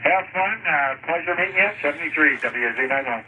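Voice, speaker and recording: A man calling in over amateur radio, chatting casually in a halting way with many "uh" pauses. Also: a little high, animated. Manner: halting, full of "uh" and restarts. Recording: tinny radio link with loud static.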